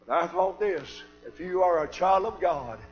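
A man preaching a sermon, swinging from shouted fiery passages to quiet, earnest talk. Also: sits high, animated, normal speed, dull audio, soft background music.

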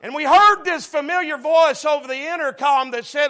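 A man's voice: extremely high pitch, moderate pace, sharp tone. A man preaching a sermon, telling a story and building to fervent call-outs to the congregation.

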